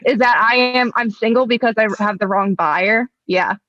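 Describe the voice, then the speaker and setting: A woman's voice: a little high, moderate pace, a bit bright, muffled recording. A woman in her twenties doing a stand-up set over a video call, dry and self-mocking, laughing at her own jokes. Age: 20s. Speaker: stand-up comedian.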